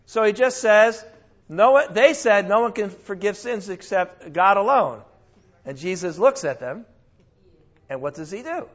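High-voiced man teaching the Bible, lo-fi. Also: normal speed. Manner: lively, exclaims and self-corrects often.

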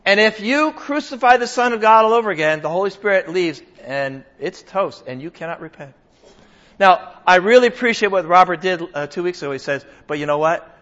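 A man's voice: high-pitched, a little fast, fairly bright tone. An older man preaching a sermon to his congregation, conversational and emphatic, joking with the people in front of him. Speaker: pastor. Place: church hall with a congregation. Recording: dull lo-fi sound.

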